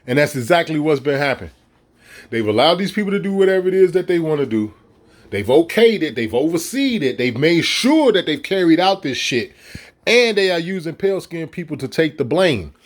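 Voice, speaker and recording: A man's voice: on the high side, very animated, brisk. A middle-aged man giving a heated, profane rant to camera, full of rhetorical questions and mockery. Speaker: vlogger. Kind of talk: casual ranting commentary.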